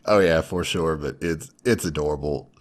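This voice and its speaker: A man's voice: extremely low pitch, normal speed. A man co-hosting a podcast, casually recapping an anime episode, acting out characters' lines in a raised voice and laughing often. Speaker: podcast co-host.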